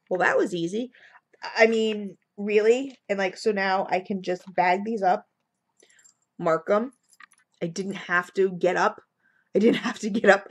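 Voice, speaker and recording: Excited rambly woman w a cold, lowish voice, computer mic at home. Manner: gushing, rambling, many fillers. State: has a cold. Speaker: vlogger reviewing wax melts. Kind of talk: casual excited product review.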